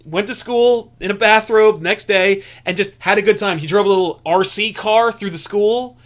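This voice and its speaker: A man's voice: sits high, normal speed, a bit bright. A young adult man co-hosting a podcast, telling a rambling story full of restarts in casual chat. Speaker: podcast co-host.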